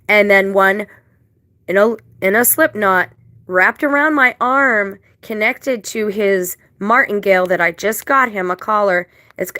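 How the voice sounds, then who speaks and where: A woman of average pitch talks through a casual vlog, rambling from one grievance to the next in an indignant tone. She drops religious turns of phrase as she goes. The sound is dry, with no room echo. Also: sharp tone. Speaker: vlogger.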